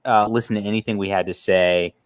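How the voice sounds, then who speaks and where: A man's voice: on the low side, fairly even intonation, fast, smooth, dry recording. A man hosting a casual podcast, joking and bantering with his co-host as they react to clips. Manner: jokey, laughs a lot, banters. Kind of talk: casual chat.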